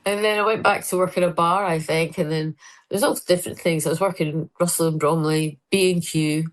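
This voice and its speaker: A woman presenter and comedian chatting as a guest, telling lively anecdotes and mimicking the people she quotes. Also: on the low side, brisk, poor audio. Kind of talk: casual anecdotal chat.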